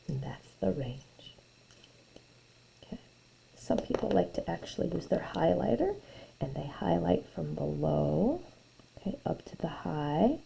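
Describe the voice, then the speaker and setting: Slow, gravelly-voiced woman teaching math. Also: fairly low pitch, expressive, dark tone, low-quality recording. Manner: thinks aloud, repeats phrases, often drops to a near-whisper. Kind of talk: recorded video lesson, working through graphs.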